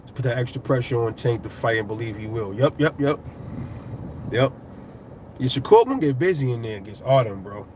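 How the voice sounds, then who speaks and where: A middle-aged boxing YouTuber with a New York accent rambles through loose, profane fight commentary on his channel, getting heated as he goes. His medium-pitched voice is a little mellow, with slight hiss or hum in the recording.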